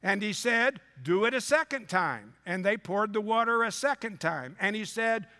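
A man's voice: high voice, expressive, moderate pace, pushed and bright. A male preacher reading scripture in a sermon and breaking in with sarcastic asides. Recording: long hall reverb.

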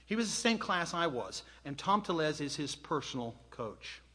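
A man's voice: fairly high pitch, very animated, moderate pace, bright, forceful tone, slightly rough. A man in his sixties telling a self-deprecating story to a live audience, quizzing the crowd as he goes. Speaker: speaker. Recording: long hall reverb.

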